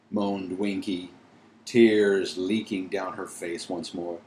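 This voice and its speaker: A man's voice: sits low, level tone, slow pace, darkish tone, a little hiss or hum. A father reading a storybook aloud to his children, chatting playfully between passages. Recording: roomy echo.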